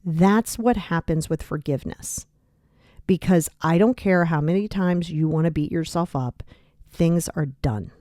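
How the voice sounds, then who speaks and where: A woman's voice: on the low side, unhurried, mellow, no echo, clean studio sound. A woman hosting a self-help podcast, talking bluntly and emphatically, swearing casually as she coaches listeners. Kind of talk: motivational self-help talk.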